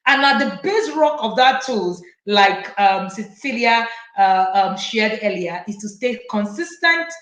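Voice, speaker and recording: A woman's voice: medium pitch, expressive, a little slow, hardly any pauses, fairly bright tone, highs cut off. A woman host of an online parenting talk who reads out viewer questions and makes her points emphatically. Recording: echoey room.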